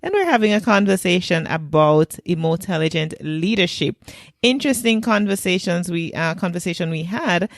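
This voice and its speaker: A woman's voice: lowish voice, expressive, moderate pace, vocal fry, dry recording, clean studio sound. A woman hosting a podcast interview, conversational and a little hesitant between phrases. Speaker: podcast host.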